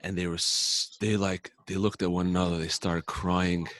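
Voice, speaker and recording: A man's voice: flat delivery, moderate pace, a bit bright. A man co-hosting a podcast, telling a story in an earnest, casual way. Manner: earnest storyteller, rises in pitch for quoted lines. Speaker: podcast co-host.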